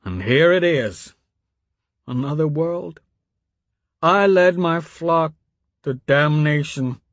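A man voicing a grief-stricken old male priest who sniffles, mutters and then booms out scripture like a Sunday sermon. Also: animated, slow, no room sound. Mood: haunted, pleading. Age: older. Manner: sniffling, broken, swings to booming preaching.

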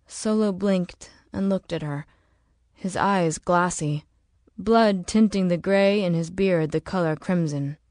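Woman reading a novel aloud, real slow and lowish, dry close mic. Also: a little mellow, dry recording. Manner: slow, measured, dramatic. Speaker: audiobook narrator. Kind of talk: scripted narration.

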